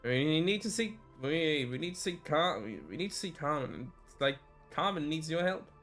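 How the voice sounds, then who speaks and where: A man voicing a calm, diplomatic traveler, reading his soothing, persuasive lines aloud. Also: on the high side, normal speed, faint music behind. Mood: urging.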